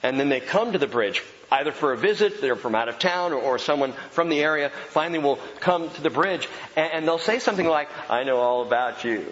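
A man preaching a sermon as pastor, emphatic and animated, repeating key phrases for effect. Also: fairly high pitch, brisk, few pauses. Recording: dull sound with long hall reverb.

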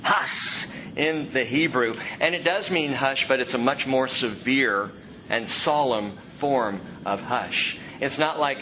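A man preaching an expository sermon in an animated way, dropping to a hush and rising loud for emphasis. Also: medium pitch, slow, lo-fi sound, slight background noise.

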